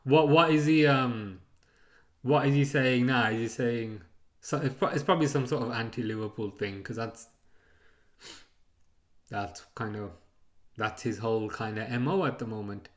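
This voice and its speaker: A man's voice: medium pitch, moderate pace, pauses often. A man hosting a live football watchalong, chatting casually, rambling and chuckling as he reads out chat messages.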